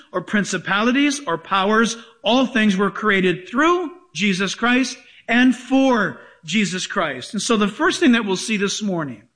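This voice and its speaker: A man's voice: high-pitched, a bit bright. A male pastor preaching a sermon to a congregation, emphatic and joking with the room.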